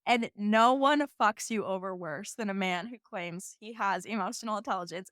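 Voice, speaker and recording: A young woman in her twenties hosts a podcast, telling a personal story in a casual, chatty way packed with "like" fillers. Her mid-range voice is a bit bright, with lively intonation and normal speed. The recording is dry with a clean studio sound.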